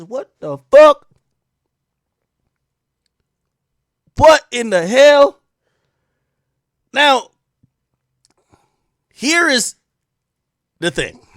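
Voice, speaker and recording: Loud, sarcastic man ranting on stream. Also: high-pitched, no room sound, clean studio sound. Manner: sarcastic, mocking, swings between loud outbursts and muttered asides. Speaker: streamer and commentator. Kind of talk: animated live-stream commentary.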